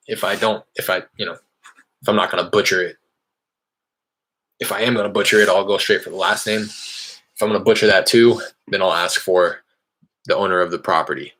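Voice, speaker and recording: A man casually explaining real estate cold calls, rambling and candid, with an upbeat questioning pitch on the phone. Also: fairly even intonation, fairly quick, pauses often, fairly bright tone. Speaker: real estate wholesaler cold calling sellers.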